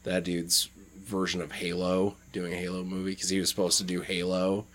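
A man's voice: low-pitched, completely flat delivery, moderate pace, a bit bright. A man in casual podcast chat, joking and laughing often.

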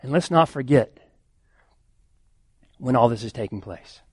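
A man's voice: mid-range voice, lively intonation, a little slow, darkish tone, husky, no room sound, clean studio sound. A man, a pastor, preaching a sermon earnestly, building emphasis with repeated phrases.

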